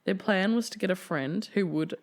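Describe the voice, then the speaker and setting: A woman's voice: medium pitch, moderate pace. A woman hosting a casual true-crime podcast, swearing freely and laughing through the grim details. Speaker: podcast host telling a true-crime case.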